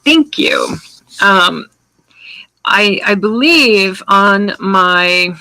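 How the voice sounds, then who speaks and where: A middle-aged woman talks loosely through her painting session on a live stream, her voice bright and forward. She rambles, circles back on herself and chats with her viewers as she works, heard close and dry with no room around her. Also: medium pitch, lively intonation, extremely slow, long pauses, no room sound, poor audio. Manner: rambling and chatty, full of restarts, answers viewer comments. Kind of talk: casual live-stream chat while painting.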